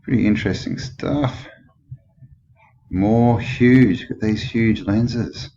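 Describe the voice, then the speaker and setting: Australian male host, low voice, skeptical thinking-aloud commentary, muffled lo-fi track with audible hiss. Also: takes it slowly, mellow. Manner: musing, skeptical, thinks aloud with many questions. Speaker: channel host. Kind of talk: rambling commentary over old photos. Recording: dull lo-fi with clear background noise.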